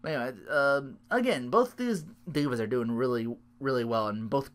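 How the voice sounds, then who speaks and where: A man's voice: mid-range voice, moderate pace. A tired man hosting a solo podcast, rambling and interrupting himself as he recaps. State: sleep-deprived. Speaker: podcast host.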